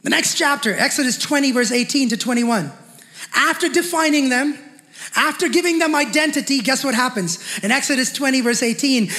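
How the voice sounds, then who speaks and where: A man's voice: very high-pitched, moderate pace, bright, forceful tone. A male pastor preaching a fervent sermon with call-and-response, in a large church hall. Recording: long hall reverb.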